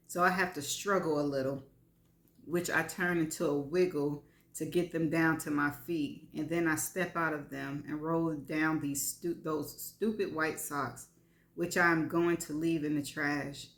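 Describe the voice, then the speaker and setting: Woman reading a story aloud, low voice, wry and frank, roomy echo. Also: steady tone, a little slow. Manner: wry, frank, laughs between lines. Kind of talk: live reading of first-person fiction. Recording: echoey room.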